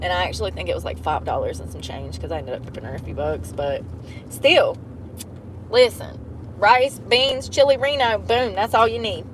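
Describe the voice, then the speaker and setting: A woman's voice: medium pitch, normal speed, noisy background. A young woman vlogging from inside a car, rambling and complaining in a blunt, heavily profane way. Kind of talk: casual rambling monologue.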